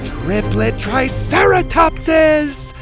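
A man voicing an excitable young girl camper who talks in rapid, breathless bursts. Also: extremely high pitch, over music, voice pushed up, exaggerated voice. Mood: gleeful.

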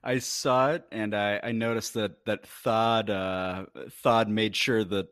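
A man's voice: on the low side, measured pace, a bit bright, clear, resonant tone. Male podcast co-host, sarcastic and upbeat, dry sound with no room echo. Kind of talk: casual sports chat.

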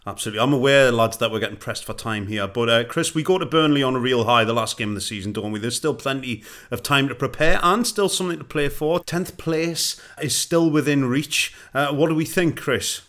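A man hosting a casual football podcast, telling stories with lively energy and running the show. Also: medium pitch, fairly quick, few pauses. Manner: lively storyteller, animated when quoting. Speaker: podcast host.

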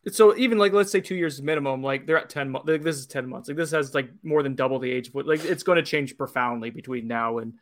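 Speaking fast at a medium pitch with hardly any pauses, this podcast co-host chats casually about whiskey while tasting it. His talk rambles, packed with "like" fillers.

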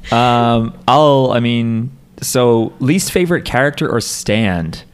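A man hosting a relaxed podcast chat. He rambles through his thoughts with many fillers and false starts, in an ordinary middle-pitched voice. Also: slow pace, clear, resonant tone. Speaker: podcast host. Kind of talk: casual chat.

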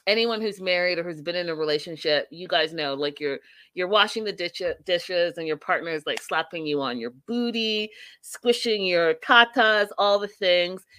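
A woman's voice: on the low side, moderate pace, bright, forceful tone, no room sound. A young adult woman hosting a casual reality TV recap, chatty and opinionated, with playful asides to her viewers.

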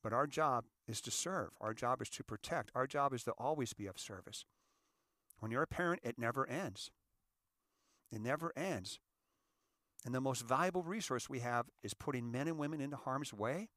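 A man's voice: medium pitch, moderate pace, fairly bright tone, no room sound, studio quality. A middle-aged American man, a volunteer fire captain, giving an impassioned monologue that repeats key phrases and addresses the audience directly. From United States.

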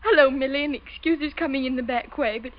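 An actress playing a frightened, distraught young daughter who answers in a tearful, trembling, pleading way in an old radio drama. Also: female voice, high voice, quick pace, dull audio, natural voice.

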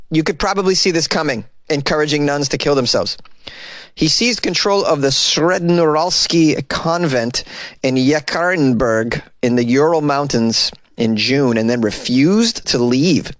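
A man's voice: a little slow, no room sound. Sarcastic man riffing on odd news. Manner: sarcastic and wry, with sudden incredulous jumps in pitch. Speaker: comedy news commentator. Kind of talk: comic news commentary, reading headlines aloud.

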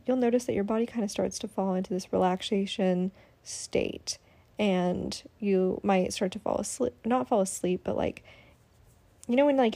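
A woman's voice: medium pitch, vocal fry, warm tone. A woman giving casual, chatty step-by-step advice on how to meditate, with many fillers. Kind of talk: casual instructional talk.

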